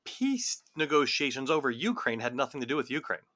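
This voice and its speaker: Podcast co-host, male, bright forward tone, loose rambling delivery with laughs. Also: mid-range voice, big pitch swings, fairly quick, no room sound. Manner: rambling, laughs between points, swears. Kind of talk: casual political chat.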